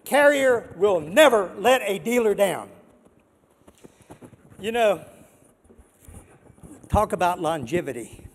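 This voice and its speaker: An older man giving an earnest, excitable award acceptance speech, repeating words for emphasis. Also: high-pitched, slow, pauses often. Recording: long reverb of a large hall.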